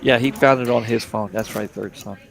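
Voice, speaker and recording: A man's voice: medium pitch, fairly even intonation, fairly quick, vocal fry, crowd noise. A middle-aged man from Delaware giving laid-back, chatty play-by-play commentary on a live poker broadcast.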